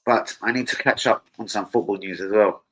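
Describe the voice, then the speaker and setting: A man's voice: on the low side, fairly quick, very noisy. A man hosting a live stream, chatting casually in a rambling, slang-heavy way and swearing freely. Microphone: streaming setup mic.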